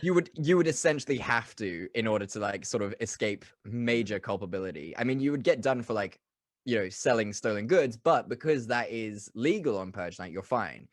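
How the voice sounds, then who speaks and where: A man's voice: fairly low pitch, animated, fairly quick, no echo, studio quality. A man co-hosting a podcast in casual chat, joking and rambling with frequent laughs. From South Africa. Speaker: podcast co-host.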